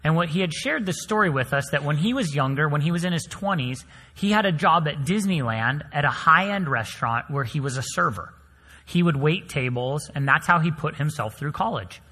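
Guy preaching, pretty high bright voice, goes loud then real quiet, big echoey hall. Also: fairly quick, husky. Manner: animated storytelling, swings between loud emphasis and soft near-whispers. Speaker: pastor. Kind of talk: sermon. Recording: long hall reverb.

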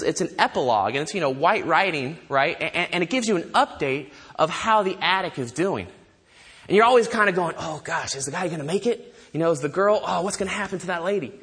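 Man, pastor, sermon, high-pitched, storytelling, animated. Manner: storytelling, animated, with frequent restarts and laughs.

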